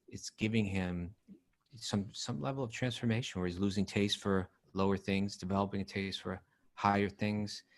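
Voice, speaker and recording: Low gravelly man co-hosting a podcast. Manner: relaxed, thinking aloud with restarts. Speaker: podcast co-host. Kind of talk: casual podcast chat.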